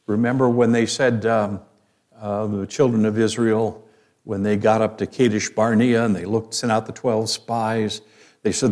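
A man preaching in a slow, unhurried way, his voice mellow and warm. He reads scripture passages aloud and explains them verse by verse. Now and then he stops to put a question to his listeners. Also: mid-range voice, steady tone. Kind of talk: sermon, Bible teaching.

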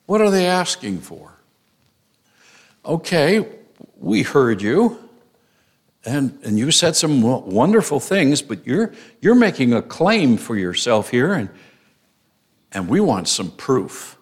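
A man's voice: mid-range voice, sing-song, slow pace, long pauses. A man preaching an expository sermon, emphatic, repeating phrases for stress.

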